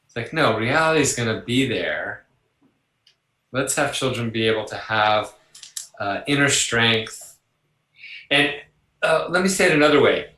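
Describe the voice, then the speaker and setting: An older man, a psychologist appearing as a guest in a conversational interview, explains his ideas with a bright, forceful, lively tone and acts out little voices in his anecdotes. His pitch is medium, his pace unhurried with frequent pauses, and the room has noticeable echo.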